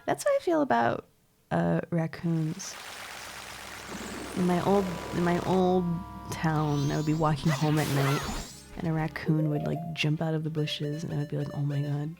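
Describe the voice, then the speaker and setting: A woman's voice: low voice, moderate pace, vocal fry. A young woman streaming a video game, chatting in a rambling, giggly way and swearing casually. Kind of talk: casual gameplay chat. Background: game music.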